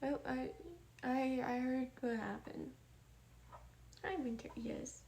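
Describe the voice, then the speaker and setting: A young woman from the American Midwest, streaming live and chatting softly with her viewers, greeting them by name and reading their messages aloud. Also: high-pitched, fairly even intonation, takes it slowly. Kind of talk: casual chat with chat readers.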